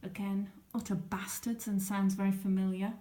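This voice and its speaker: A woman's voice: medium pitch, flat delivery, moderate pace, mellow, reverberant. A woman chatting casually and wryly, explaining a stitched diary with lots of ums and uhs. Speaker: textile artist explaining her stitched diary.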